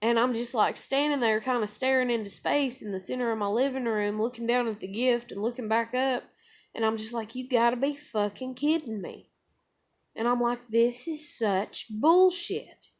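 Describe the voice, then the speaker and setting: A woman's voice: a little high, steady tone, moderate pace. A woman telling a personal story in a rambling way, swearing and acting out the dialogue. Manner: rambling, profane, acts out dialogue. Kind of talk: casual storytelling.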